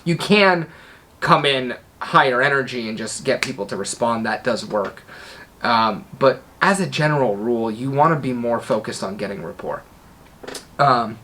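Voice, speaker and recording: A man's voice: medium pitch, a bit bright, husky. A man teaching a class on persuasion. He demonstrates vocal tones, letting his voice drop on each command. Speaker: NLP trainer. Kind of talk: instructional talk to camera.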